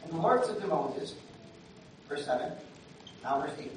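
Heard from far off in a highly reverberant church hall with slight background noise, a male pastor delivers a sermon that moves from hushed asides to loud, forceful outbursts in a conversational style. He's a little high-pitched and animated, speaking at normal speed with long pauses.

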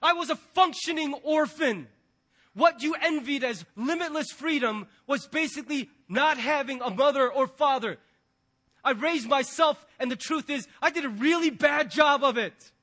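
A man preaching from the pulpit with a notably high voice. His tone is bright and forceful, and he slips into animated voices when he tells stories. The delivery is that of a middle-aged pastor speaking to his congregation. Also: moderate pace. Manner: animated storytelling, acting out quoted voices. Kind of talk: sermon.

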